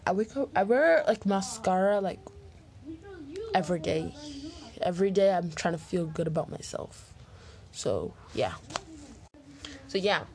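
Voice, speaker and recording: A woman's voice: mid-range voice, darkish tone. A teenage girl answering Q&A questions for her vlog in a rambling, chatty way, full of fillers, into a laptop mic. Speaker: vlogger. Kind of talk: casual Q&A vlog. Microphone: laptop microphone.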